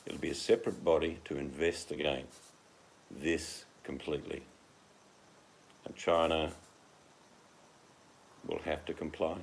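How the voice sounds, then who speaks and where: Australian bloke, very low gravelly voice, slangy and joking, faint background noise. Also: male voice. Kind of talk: casual rambling monologue.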